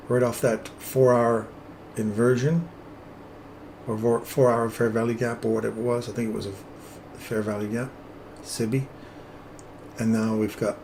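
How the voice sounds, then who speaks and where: A man talks through his chart in a relaxed, joking manner, his voice sitting in a middle pitch. He walks viewers through entries and stop losses on a live trading stream. A faint background noise hangs under the desk mic. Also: gravelly. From England. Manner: jokey, relaxed and explanatory.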